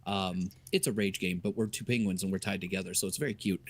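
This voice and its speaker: A man's voice: deep voice, steady tone, quick pace, slightly rough. A man who streams, chatting upbeat about his upcoming streams. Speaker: streamer and player. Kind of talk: casual plug for his stream.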